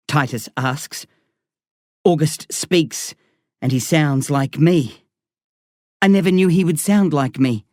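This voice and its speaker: A woman reading a first-person story as an audiobook narrator, in a slow, tense, dramatic way. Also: low voice, a little mellow, no echo, studio quality.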